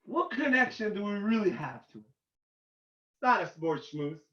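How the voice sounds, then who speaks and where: A man, a rabbi, giving an animated informal talk to students, getting loud and excited as he tells a story. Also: high-pitched, unhurried. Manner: excitable, shouts and cracks when reliving a game. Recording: roomy, distant, dull lo-fi sound.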